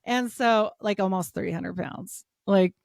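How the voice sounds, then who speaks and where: A woman in her forties telling a personal story as a podcast guest, animated, laughing often and filling her talk with "like". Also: medium pitch, unhurried, creaky, no echo, clean studio sound. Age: 40s. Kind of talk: casual storytelling.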